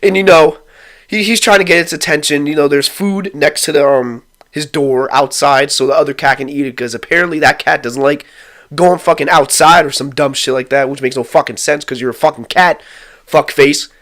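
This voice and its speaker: A young man tells a story, loose and rambling, with heavy swearing and excitable retellings. His voice sits a little high and comes across sharp and bright. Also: moderate pace. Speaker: vlogger telling a story. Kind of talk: profane casual storytime.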